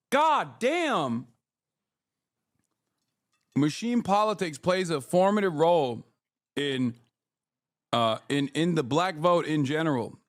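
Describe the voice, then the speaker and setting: Male streamer, higher voice, angry and profane, dry close mic. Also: dry recording. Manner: profane, heated, combative. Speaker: political livestreamer. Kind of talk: livestream rant to chat.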